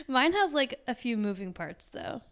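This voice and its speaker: A woman's voice: high voice, big pitch swings, takes it slowly, a bit bright. A young woman co-hosting a podcast, reacting bluntly and teasing her friend in casual chat. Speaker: podcast co-host.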